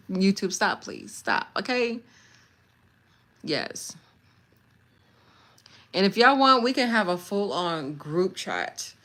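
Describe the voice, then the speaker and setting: A woman from California hosting a livestream, chatting casually and directly with her viewers, animated and laughing often. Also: low voice. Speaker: livestream host. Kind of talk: casual live chat with viewers.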